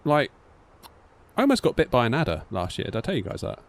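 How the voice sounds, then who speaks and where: A man's voice: mid-range voice, huge pitch swings, fast talker, vocal fry. A British man in his thirties chatting casually to a live-stream audience, rambling with lots of filler like "sort of". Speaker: flight sim streamer.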